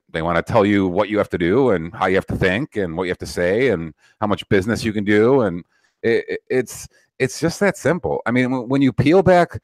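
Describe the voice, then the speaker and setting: A man's voice: lowish voice, no echo. Blunt, profane male podcast host. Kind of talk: casual political chat.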